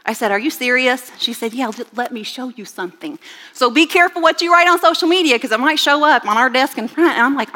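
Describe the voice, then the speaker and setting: A woman in her forties giving a sermon with personal stories, chatty and animated, with rising exclamations. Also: high-pitched, fast talker, some chatter behind. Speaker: church speaker. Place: church sanctuary. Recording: reverberant church hall.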